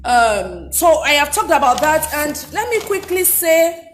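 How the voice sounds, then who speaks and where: A woman's voice: sits high, big pitch swings, unhurried, a little hiss or hum. A woman giving a motivational talk, speaking emphatically and repeating her key points. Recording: roomy echo.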